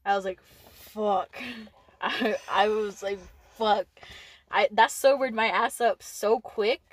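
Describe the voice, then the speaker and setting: A woman's voice: mid-range voice, dry recording. A teenage girl casually telling a story to her boyfriend, swearing and laughing often. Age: teens. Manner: laughing, swearing, fast story with lots of likes. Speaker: podcast co-host.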